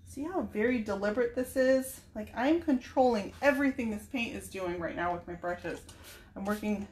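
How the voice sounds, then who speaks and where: A woman's voice: fairly high pitch, normal speed, a little mellow. A woman in her thirties or forties, a furniture-painting vlogger, thinking aloud in casual chat while she works on a piece, with a faint background hiss. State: tearful at times. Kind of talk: casual live painting demo.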